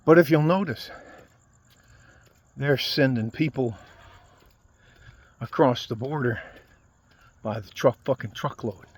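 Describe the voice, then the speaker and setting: A man's voice: medium pitch, takes it slowly, long pauses, husky. A man from the United States delivering a profane, heated political rant straight to his viewers. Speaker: video blogger. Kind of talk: angry political rant to camera.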